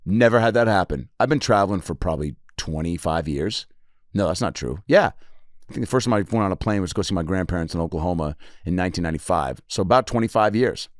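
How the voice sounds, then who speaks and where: A man in his forties hosts a solo comedy podcast, rambling from one bit to the next with a lot of swearing. His voice sits fairly low but swings widely in pitch as he acts out other people. The sound is dry and close to the mic. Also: no echo. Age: 40s. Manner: rambling, profane, jumps into acted-out voices.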